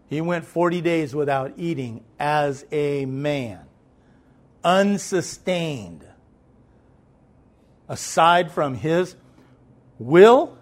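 A man preaching a sermon in a loose, conversational way, with many fillers and swells of emphasis. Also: a little high.

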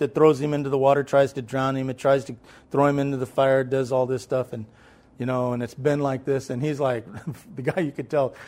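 A man preaching a sermon in a loose, conversational way, with many fillers and swells of emphasis. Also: mid-range voice.

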